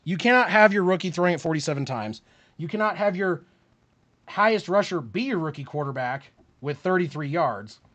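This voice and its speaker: A man calling a football game play by play on his live stream, rising with excitement on big plays and dropping to quiet muttered asides. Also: fairly high pitch, fairly quick, no echo. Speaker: streamer and sports commentator.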